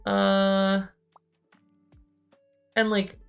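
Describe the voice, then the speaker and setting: A young woman streaming a game, chatting playfully and asking quick surprised questions as she reads along. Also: medium pitch, completely flat delivery, creaky, smooth, soft background music. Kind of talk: casual game commentary and reading dialogue aloud.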